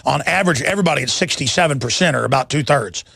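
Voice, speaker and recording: A man's voice: expressive, rapid-fire, creaky, sharp tone, no room sound, studio quality. A man hosting a talk show, delivering a ranting, sarcastic political monologue with sudden jumps in his voice. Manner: ranting, sarcastic, frequent restarts and pitch jumps.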